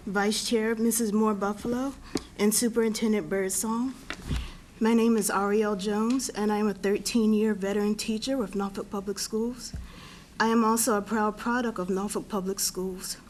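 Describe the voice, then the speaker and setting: A woman teacher giving a prepared, formal statement at a school board meeting, measured and read from notes. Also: fairly high pitch, a little hiss or hum. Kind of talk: prepared public comment read aloud.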